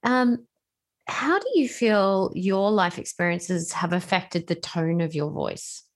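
Low-voiced woman hosting an interview. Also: slow. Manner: reflective, encouraging with soft affirmations. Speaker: podcast host. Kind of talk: conversational interview.

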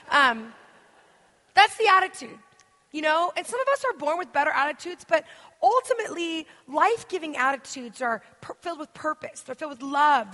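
In a church hall thick with lingering reverb, a US woman serving as guest minister preaches an interactive sermon in a high, pushed, bright voice. She rambles conversationally through her stories, leaning on lots of fillers.

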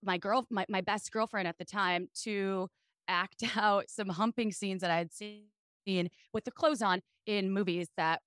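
A woman guest on a podcast, telling candid stories in a raspy voice, open and animated in a casual chat. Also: medium pitch, unhurried, dry recording, clean studio sound.

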